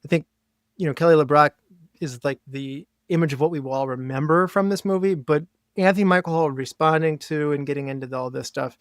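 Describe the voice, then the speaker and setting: A man guesting on a film podcast, his voice sitting fairly high for a man. He rambles and hedges as he builds his points. The sound is dry and up close. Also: a little fast, dry recording. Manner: rambling, hedging with fillers. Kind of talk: casual film review chat.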